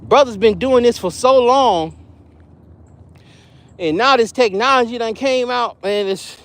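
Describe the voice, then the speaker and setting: A man's voice: very high voice, measured pace, a bit bright. A man giving casual live-stream commentary, emphatic and repetitive, often laughing. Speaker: online commentator on religious leaders.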